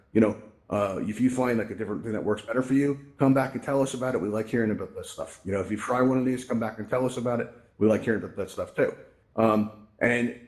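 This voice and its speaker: A man's voice: on the low side, darkish tone. A man, married and middle-aged, giving a casual, rambling presentation in a virtual reality space, with lots of fillers and asides. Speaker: VR event presenter. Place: virtual reality social space, headset mic.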